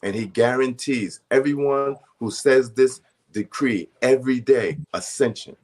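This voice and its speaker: A man in a prayer circle slowly and deliberately reciting spiritual decrees, stumbling over his first words. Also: mid-range voice, darkish tone. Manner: slow, deliberate, emphatic recitation with stammered starts.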